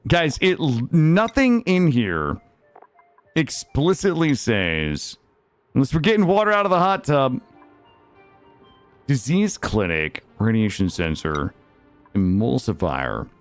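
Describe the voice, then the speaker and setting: A man streaming live, giving excitable and loud gameplay commentary to his chat. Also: mid-range voice, slow pace, soft background music.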